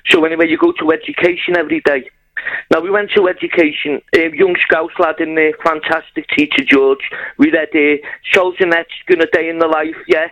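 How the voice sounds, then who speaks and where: A man's voice: fairly high pitch, steady tone, brisk, a bit bright. A man calling in to a radio show, telling his story in a blunt, heartfelt way over a phone line. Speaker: caller. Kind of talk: phone-in call.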